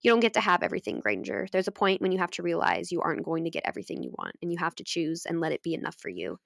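A woman reading aloud as a cold, bitter young male wizard in a low, subdued voice. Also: animated, rapid-fire, gravelly, a bit bright, dry recording, clean studio sound. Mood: stern.

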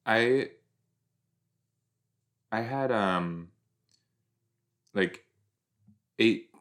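A man's voice: on the low side, extremely slow, long pauses, fairly bright tone. A young man hosting a podcast, giving casual running commentary as he watches an episode. He rambles with fillers and pokes fun at himself. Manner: chatty, self-deprecating, rambling with fillers. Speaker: podcast host.

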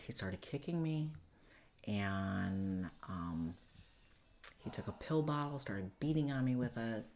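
Female guest, very low register, earnest and halting personal account. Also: lively intonation, a little mellow. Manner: earnest, halting, with frequent fillers and restarts. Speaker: guest recounting domestic abuse. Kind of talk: personal storytelling in an interview.

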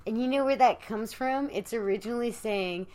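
A woman's voice: a little high, darkish tone. Chatty woman podcast co-host. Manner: chatty, quick to call out myths. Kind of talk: casual chat.

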